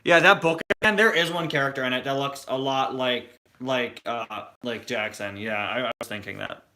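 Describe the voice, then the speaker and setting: Chatting casually on a live Q&A stream, a toy reviewer speaks in a mid-range, bright, pushed voice at a moderate pace. He rambles hesitantly and often starts his sentences over.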